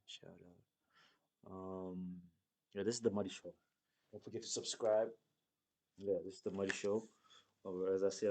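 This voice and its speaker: Deep-voiced young man rambling solo. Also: darkish tone. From South Africa. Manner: loose, rambling, swears often, reads lists aloud. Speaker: podcast host. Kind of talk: casual solo stream chat.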